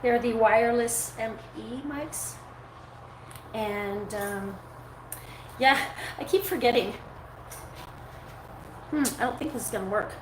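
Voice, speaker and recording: Her voice is a little high, and she talks slowly with frequent pauses. A dog groomer streaming live, she chats casually with viewers and coos at the dog in between, recorded on the device's own mic, since hers isn't set up, in a noisy, echoey grooming room.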